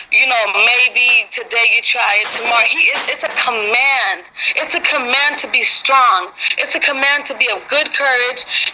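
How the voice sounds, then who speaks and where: A woman's voice: sits high, bright, forceful tone, low-quality recording. A woman teaching a women's Bible group, earnest and rambling, with lots of "you know" fillers. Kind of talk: informal devotional teaching.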